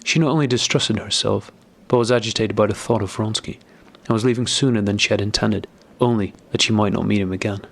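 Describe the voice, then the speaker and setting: A man narrates a classic novel with a steady, measured delivery. His voice sits low and has a gravelly fry running through it. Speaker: audiobook narrator. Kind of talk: scripted narration.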